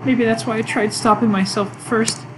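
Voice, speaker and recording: A woman voicing an obsessive, intense young woman, reading game dialogue in a slow, intimate, creepy tone. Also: fairly high pitch, steady tone, music in the background, voice pushed up, natural voice, low-quality recording.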